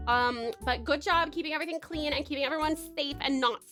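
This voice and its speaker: A woman's voice: high-pitched, fast talker, few pauses, pushed and bright, soft background music. A young woman streaming live, greeting chat, gushing and swearing casually, calling viewers darling. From Tasmania, Australia.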